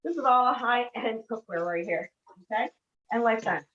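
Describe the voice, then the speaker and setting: Woman doing a kitchen cooking demo, chatty, keeps checking in, kinda high voice, dull lo-fi sound. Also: normal speed, fairly bright tone, reverberant. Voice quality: chatty, keeps checking in with "okay?" and "all right?". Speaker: product demonstrator. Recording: dull lo-fi sound with faint noise.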